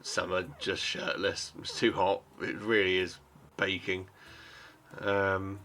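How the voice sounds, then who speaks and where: A man's voice: low voice, little pitch movement, takes it slowly, pushed and bright, a little hiss or hum. A man narrating as game master in a casual, hesitant way with many fillers.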